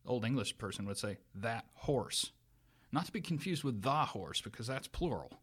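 Male academic guest, eager lecturer, restarts a lot, mid-pitched. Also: very animated, a little fast, fairly bright tone, husky. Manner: enthusiastic lecturing with many restarts. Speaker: guest expert on English language history. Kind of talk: explanatory academic talk.

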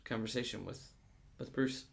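A man's voice: mid-range voice, vocal fry, slightly rough. Easygoing man chatting about a film. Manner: agreeable, quick backchannel, fast bursts of explanation. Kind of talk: casual movie discussion.

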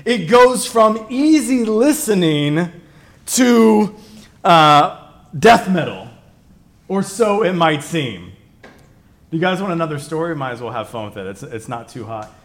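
A high-pitched man preaching a relaxed, conversational sermon. He wanders into stories and asides, and he drops from ringing emphasis to near-whispers. He sounds middle-aged. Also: unhurried. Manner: digressive storyteller, swings from loud emphasis to quiet asides. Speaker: pastor.

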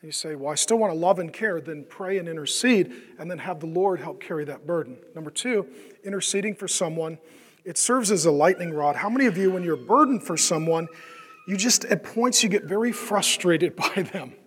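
A man's voice: sits high, a little fast, fairly bright tone, breathy edge, in a large hall. A man preaching a conversational sermon as pastor, often asking the congregation questions and acting out the voices of the people he describes. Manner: conversational, asks the crowd questions, acts out quoted voices.

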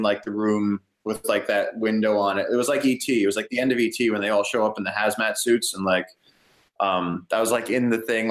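A young man casually telling a story in an interview, rambling and relaxed, with many "like" fillers. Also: fairly low pitch. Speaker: guest, ecotourism company owner.

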